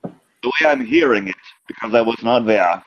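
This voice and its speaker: A man with a put-on German accent, playing his character in a tabletop game and speaking haltingly with many fillers. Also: mid-range voice, lively intonation, highs cut off, slight background noise. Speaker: player. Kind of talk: in-character tabletop role-play.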